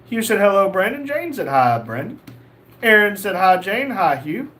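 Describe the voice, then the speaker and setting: High-voiced young man reading chat. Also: sing-song, normal speed, fairly bright tone, a little hiss or hum. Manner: reads chat messages aloud, jokey. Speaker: livestream host reading chat. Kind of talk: casual livestream chat.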